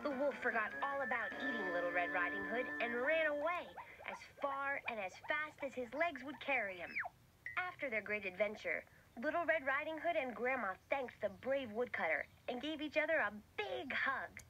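A woman giving expressive, scripted storybook narration. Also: high voice, moderate pace, dull audio. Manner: expressive, lively. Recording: narration over music.

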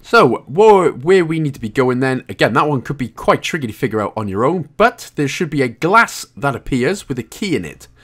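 Lively Welsh man narrating a game. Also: mid-range voice, normal speed, hardly any pauses. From Wales. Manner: jokey, chatty, swears casually. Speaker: gaming guide host. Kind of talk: game walkthrough commentary.

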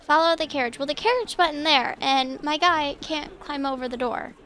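A young woman talking casually to herself while playing a video game, chatty and quick to apologize and laugh. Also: high voice, a bit bright. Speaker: gameplay streamer.

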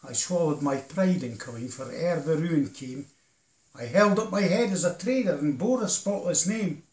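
A man giving a theatrical poetry recitation, moving between hushed lines and loud declaiming. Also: a little high, roomy sound.

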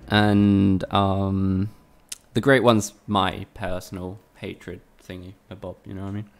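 A man's voice: low-pitched, level tone, takes it slowly, vocal fry. A young man from Spain, chatting casually with his viewers and swearing freely while he streams a game. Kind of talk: casual live-stream commentary.

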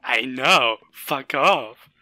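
A man with a German accent doing crude, profane commentary over a game, yelling now and then. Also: medium pitch, animated, very slow. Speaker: gameplay commentator.

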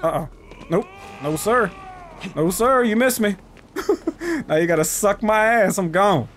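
A man streaming a game with loud, profane trash talk and sudden shouts. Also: high-pitched, a little slow, slight background noise. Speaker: gaming streamer. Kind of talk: live gameplay commentary.

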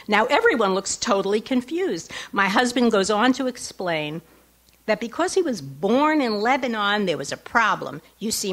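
A woman's voice: medium pitch, fairly bright tone. A middle-aged woman, an author, reads her personal essay aloud at a lecture with a wry tone, adding asides to the audience. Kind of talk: live reading with asides to the audience. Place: lecture hall before an audience.

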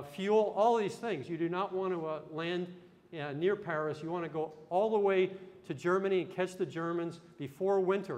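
A man with a fairly high voice gives a live history talk in a lecture hall, chatty and loose, tossing questions at his listeners. His voice rings out with a long reverb off the hall walls. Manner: chatty, quizzes the audience with questions.

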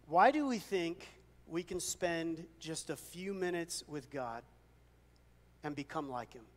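High-voiced pastor in an echoing hall. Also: male voice, lively intonation, takes it slowly. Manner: conversational storytelling with self-deprecating humor. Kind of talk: sermon. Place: church sanctuary.

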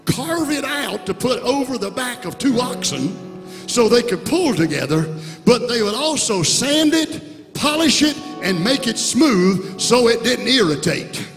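High-voiced impassioned man preaching. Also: big pitch swings, measured pace. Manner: impassioned, swings from soft to shouted. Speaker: bishop preaching. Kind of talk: Pentecostal sermon. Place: church sanctuary. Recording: reverberant church hall with music.

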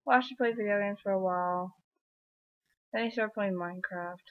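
A woman's voice: medium pitch, moderate pace, no room sound. Tired teen girl rambling on a tinny mic. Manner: rambling storytelling, acts out texts and quotes. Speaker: vlogger. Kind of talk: casual daily vlog. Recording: dry tinny phone-like sound.

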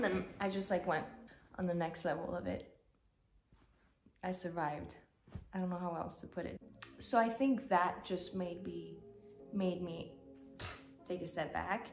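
A woman vlogger giving a candid, rambling personal update, often saying "like", at times tearful. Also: fairly low pitch. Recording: roomy echo, faint music.

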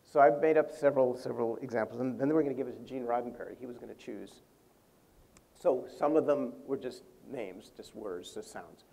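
Gravelly older man telling a stage anecdote. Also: medium pitch, fairly quick. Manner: animated storyteller, laughs often, acts out quotes. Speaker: interview guest, language creator. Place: convention panel room.

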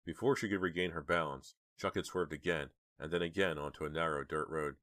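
Man narrating audiobook, extremely deep voice, bright tone, dramatic measured delivery. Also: steady tone, no echo. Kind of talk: audiobook reading.

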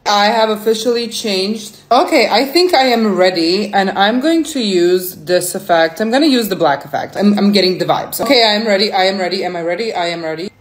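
Lively, playful young woman vlogging makeup. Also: mid-range voice, moderate pace, few pauses. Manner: playful, self-mocking, chatty. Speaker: makeup content creator. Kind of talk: casual makeup vlog talk.

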